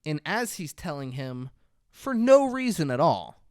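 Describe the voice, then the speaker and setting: A man co-hosting a podcast, casually and profanely recapping a movie with animated asides. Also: on the high side, a little slow, no room sound, clean studio sound. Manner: profane, animated retelling with mock voices. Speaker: podcast co-host. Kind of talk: casual movie review chat.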